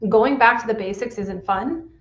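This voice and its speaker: A woman's voice: on the high side, normal speed, reverberant, lo-fi sound. A woman pain specialist hosting a solo podcast, talking in an earnest coaching manner and often checking in with "right?".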